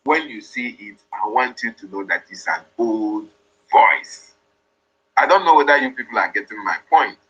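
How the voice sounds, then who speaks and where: A man's voice: mid-range voice, lively intonation, moderate pace, fairly bright tone, husky, lo-fi sound. A man hosting a live audio room, explaining insistently and repeating his points. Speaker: host.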